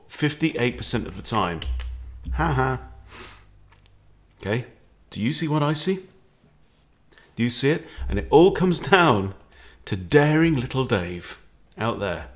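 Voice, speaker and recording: Playful, animated chess coach. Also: male voice, medium pitch. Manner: playful, animated, jokey with exclamations. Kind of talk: chess lesson walkthrough.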